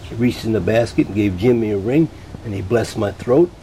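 A man's voice: lowish voice, fairly quick, slight background noise. An older man, a veteran entertainer, telling anecdotes in a radio interview and acting out the voices of the people he quotes. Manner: lively anecdotal storyteller, acts out quoted voices. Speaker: guest, veteran voice actor and musician.

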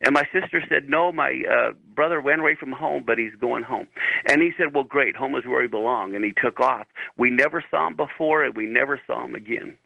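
Gravelly-voiced man telling a story on radio. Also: mid-range voice, fairly quick, dry recording. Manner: folksy storyteller, many "uh" fillers. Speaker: radio show guest. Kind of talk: storytelling on a call-in radio show. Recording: dull lo-fi radio audio.

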